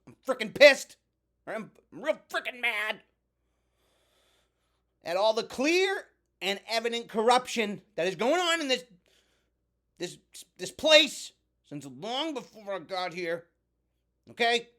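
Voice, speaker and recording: A brash fire-god wrestler cutting a furious promo, played by a man. His voice sits high and swings wildly as he blusters through his grievances. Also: very animated, measured pace, sharp tone, exaggerated voice. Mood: indignant. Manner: ranting heel promo, blustering.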